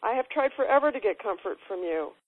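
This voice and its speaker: A woman's voice: a little high, animated, a little fast. A woman reading aloud the lines of a neglected little girl, plaintive and reproachful. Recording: tinny phone line.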